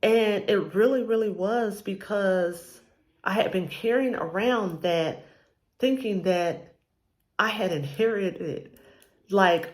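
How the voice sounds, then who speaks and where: A woman's voice: mid-range voice, slow pace. A married woman sharing a personal faith testimony in a casual, rambling way, with frequent ums. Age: adult, married with a child. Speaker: vlogger sharing a faith journey.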